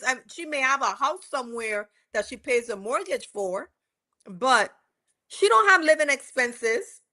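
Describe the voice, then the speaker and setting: A woman with a Caribbean accent from the Virgin Islands, chatting as a podcast co-host and acting out quoted dialogue in an animated way. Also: high voice, a little slow. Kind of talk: casual gossip chat.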